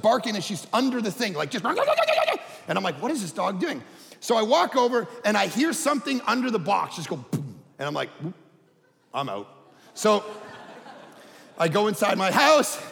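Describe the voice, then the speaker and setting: A middle-aged man preaching a sermon as pastor, telling stories animatedly with shouted quotes. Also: sits high, sing-song, moderate pace, vocal fry, big-room sound. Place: church auditorium.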